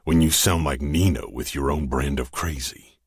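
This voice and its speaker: A man's voice: a bass voice, moderate pace, breathy edge, dry recording, exaggerated voice. A man voicing a weary, sarcastic young enforcer, dry and resigned in tone. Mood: wry.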